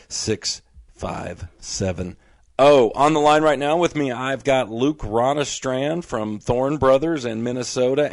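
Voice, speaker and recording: A middle-aged man hosts a fishing show in a low voice, reading out event announcements in a rapid run before easing into casual chat. The sound is dry and close, with no room echo. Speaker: podcast host.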